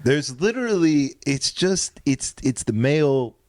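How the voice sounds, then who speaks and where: A young man as a podcast guest in crude, casual banter, rambling and animated with many fillers. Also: a little high, a little slow, dry recording.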